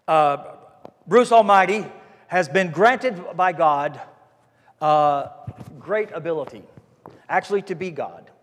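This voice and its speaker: High-voiced preacher in an echoey hall. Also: male voice. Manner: folksy and emphatic, with repeated phrases. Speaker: pastor. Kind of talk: sermon. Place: church hall.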